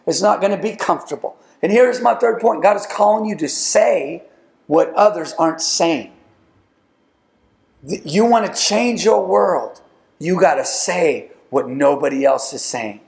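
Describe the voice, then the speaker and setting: A man's voice: high-pitched, animated, a little slow, creaky, roomy sound. A man preaching a sermon as pastor, emphatic, with rising calls to the congregation. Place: church sanctuary.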